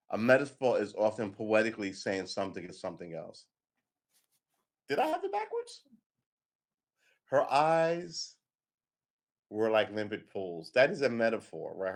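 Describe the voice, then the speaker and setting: A man chatting casually on a home live stream, rambling and joking as he snacks, often laughing. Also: fairly low pitch. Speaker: vlogger.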